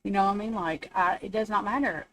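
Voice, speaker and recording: A woman hosting a live stream rants bluntly and indignantly, swearing freely and upset after crying. Her medium-pitched voice is fast and sharp, captured off camera on a phone or webcam in poor audio with a little hiss or hum.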